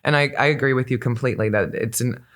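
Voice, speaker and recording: A woman's voice: rumbling low, fast talker. A woman hosting an interview, encouraging and chiming in with short affirmations before asking questions. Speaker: podcast host. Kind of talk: interview chat.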